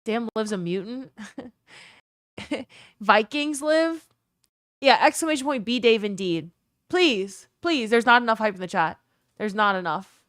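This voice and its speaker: A young woman hosts a live stream, reacting excitably to chat and swearing freely as she thanks her viewers. Her voice sits a little high and sounds dry and close to the mic, with little room sound. Her talk is loose and casual. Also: a little slow, pauses often, no room sound. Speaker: livestream host.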